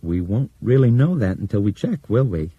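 A man voicing a calm grown man who talks gently and coaxingly in an audiobook. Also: fairly low pitch, moderate pace, breathy edge, no echo, narrow, tinny audio, voice pushed up.

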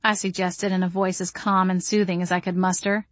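A woman's voice: lowish voice, little pitch movement, a little fast, dry recording. A woman narrating a novel in first person with a dry, wry delivery. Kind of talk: audiobook narration.

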